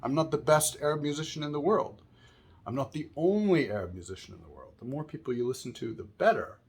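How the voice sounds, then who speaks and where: A man's voice: fairly high pitch, lively intonation, fast, creaky, husky. A man teaching a music lesson, explaining patiently and often checking in with "right?", singing short examples between explanations.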